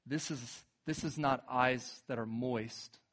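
A man preaching a sermon, retelling scripture casually and swinging from emphatic peaks to low, quiet moments. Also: slow pace. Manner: animated, builds to emphatic peaks then drops low and quiet. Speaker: pastor.

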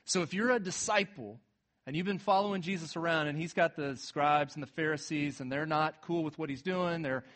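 A male pastor delivers a sermon in a fairly high voice. He tells the scripture in a relaxed, conversational way, pushing up to emphatic peaks and then sinking low and quiet for weight. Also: fairly quick. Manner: retells scripture in a casual, conversational way.

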